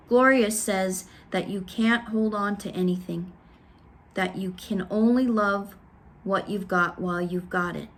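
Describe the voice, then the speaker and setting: A woman reading a children's novel aloud with steady, expressive first-person narration. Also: mid-range voice, unhurried. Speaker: storybook reader.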